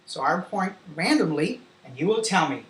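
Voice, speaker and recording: A woman teaching a demo English lesson for young children, singing slowly and giving simple classroom instructions. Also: lowish voice, sing-song, reverberant.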